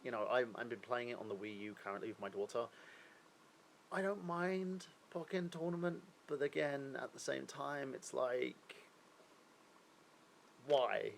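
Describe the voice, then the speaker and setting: A man's voice: mid-range voice, steady tone, normal speed, vocal fry, a little hiss or hum, low-quality recording. A man hosting a live stream, chatting casually and rambling through his opinions while asking viewers questions; he sounds a little unwell.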